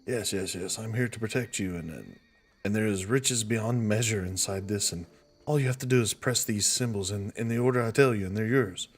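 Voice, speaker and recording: A man voicing a cruel, scheming male imp who coaxes in a smooth, oily way. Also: fairly low pitch, fairly quick. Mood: coaxing.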